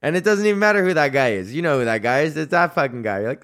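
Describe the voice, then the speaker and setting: A man's voice: fairly high pitch, expressive, rapid-fire, few pauses, a bit bright. A man hosting his own podcast, ranting solo in a profane, rambling way that keeps interrupting itself. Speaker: podcast host. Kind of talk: solo comedic rant.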